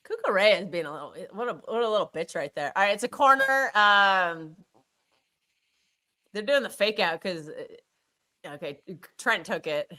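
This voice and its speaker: Excitable woman reacting to live football. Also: medium pitch, normal speed. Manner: excitable, swears freely, reacts to every play. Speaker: livestream co-host watching a football match. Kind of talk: live match watchalong commentary.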